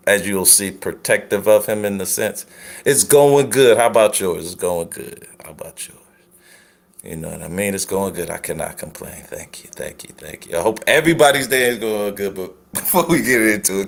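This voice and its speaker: A man's voice: low voice, creaky. A man hosting a live stream at home, giving casual reaction commentary with rambling, apologetic asides and laughter.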